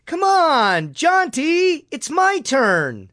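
An eager little boy calls out for his turn, his voice jumping high and bright, as a man narrating a storybook puts him on. The pleading lines rise and fall with a lot of life. The sound is close and dry. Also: huge pitch swings, drawn-out words, no room sound, full character voice. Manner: shouting, pleading.

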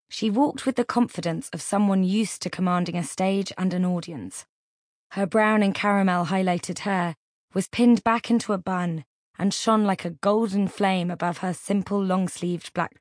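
A woman with a fairly low voice narrates a scripted audiobook in a measured, expressive storytelling manner. The recording is clean studio sound with no echo.

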